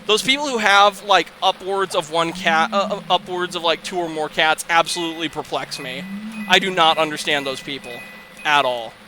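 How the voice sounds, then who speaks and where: Young guy rambling through a game, high bright voice, swears a lot, light hiss behind. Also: normal speed. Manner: rambling, profane, swings into exasperated shouting and laughter. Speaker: let's play host. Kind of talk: casual gameplay commentary.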